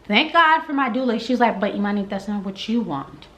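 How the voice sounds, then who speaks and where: A woman's voice: medium pitch, animated, a little fast, a bit bright. A young woman telling her birth story in casual vlog style, acting out the people she quotes.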